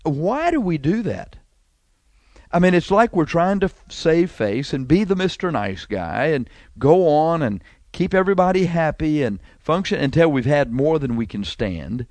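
A man preaching a sermon, animated, pressing rhetorical questions and drawing phrases out slowly for emphasis. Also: fairly high pitch, no echo.

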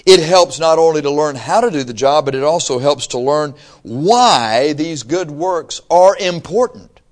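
A man from Michigan delivering a church sermon. He preaches in a folksy, animated way, mixing joking asides with earnest teaching. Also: fairly high pitch, unhurried. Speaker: pastor.

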